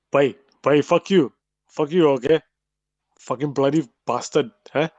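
A man's voice: on the high side, takes it slowly, darkish tone, no echo, highs cut off. A man with a British accent hosting a call-in live stream, swearing and joking in rowdy banter. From England. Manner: profane, joking, mock-aggressive.

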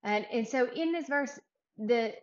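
A woman's voice: on the high side, a little slow, muffled recording. A woman hosting a podcast who gives a casual devotional Bible talk in an earnest, rambling way, often restarting her sentences. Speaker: podcast host.

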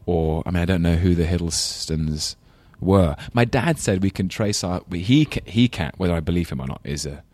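A man's voice: deep voice, lively intonation, normal speed, few pauses, a little mellow, no echo. An English man in his thirties with a London accent, chatting as a guest in an interview, rambling and self-deprecating, laughing often. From England. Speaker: actor guest. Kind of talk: casual interview chat.

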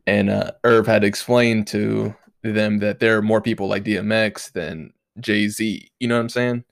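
Solo host, male, stuffy nose, low gravelly voice, loose profane chatter, dry close sound. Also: steady tone, moderate pace, no room sound. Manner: laid-back, rambling, profane slang. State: nasal, stuffed up from allergies. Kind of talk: casual solo talk.

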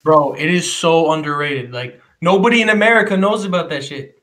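A man's voice: on the high side, brisk, sharp tone. A man chatting casually as a podcast co-host, laid-back and teasing his friend, laughing often. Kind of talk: casual chat.

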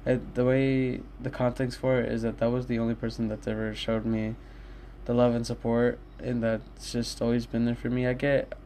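In a casual solo episode recorded in his room, a young adult podcast host rambles openly to listeners and swears frequently. His mid-range, mellow voice is delivered flatly at normal speed, with a little background hiss or hum.

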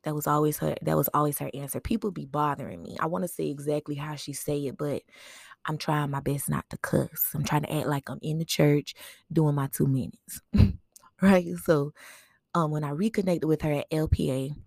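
A woman's voice: low-pitched, fairly even intonation, moderate pace, vocal fry, darkish tone, no echo, studio quality. A woman hosting a podcast, telling a personal memorial story in a conversational way and often checking in with "right?". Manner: reflective storytelling with fillers. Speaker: podcast host.

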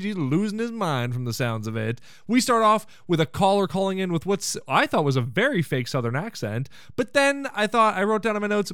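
A man's voice: high voice, fairly bright tone, clean tone, dry recording, clean studio sound. A young man hosting a podcast, recapping a sitcom episode in an irreverent, joking way with crude asides. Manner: irreverent, crude jokes, breezy paraphrasing of scenes. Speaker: podcast host. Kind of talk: casual comedic episode recap.

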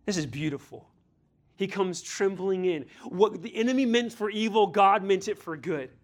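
A pastor preaching to a youth group, his male voice sitting a little higher than most. He talks in an earnest, direct way and presses his listeners with pointed questions. He now and then acts out the voices in the scripture he reads. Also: normal speed.

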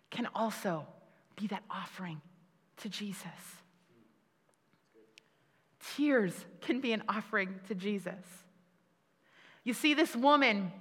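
A woman's voice: fairly high pitch, animated, a little slow, pauses often, fairly bright tone, breathy edge. A woman giving a conversational sermon, laughing at herself and restarting her sentences often, with many fillers. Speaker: preacher. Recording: long hall reverb.

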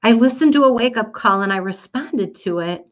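A woman's voice: fairly high pitch, animated, moderate pace, muffled recording. A woman telling her listeners a personal story in an earnest, reflective way, with frequent fillers. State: getting teary.

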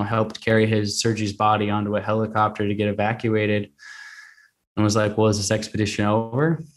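Guy on a podcast, low voice, pretty flat, lots of um and you know. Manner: conversational, many fillers and restarts. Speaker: podcast guest. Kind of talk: casual storytelling.

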